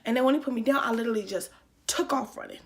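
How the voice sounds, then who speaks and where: A woman's voice: a little high, racing, slight background noise. A young adult woman telling a casual story time to her viewers, chatty and profane, with lots of fillers. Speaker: YouTuber.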